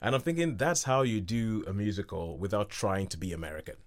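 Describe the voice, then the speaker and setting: A married man co-hosting a casual film chat, halting and repeating words as he goes. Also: lowish voice. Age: adult, married. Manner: halting, repeats words, laughs, imitates characters. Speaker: film podcast co-host. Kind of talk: casual chat about films.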